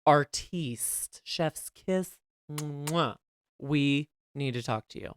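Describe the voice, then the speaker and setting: A man's voice: fairly high pitch, extremely slow, slight background noise. An American man from West Virginia hosting a podcast in casual chat, gushing and theatrical. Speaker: podcast host.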